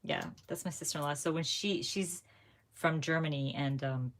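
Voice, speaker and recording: Low-voiced chatty woman live-streaming crafts. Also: moderate pace. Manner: chatty, laughs often, voice jumps up when excited. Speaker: craft channel host. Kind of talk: casual live-stream chat while crafting. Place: home craft room.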